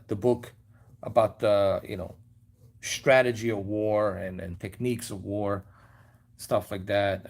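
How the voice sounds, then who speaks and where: A man hosting a casual livestream from his lounge at home, rambling loosely with lots of fillers and trailing asides. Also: on the low side. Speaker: livestream host.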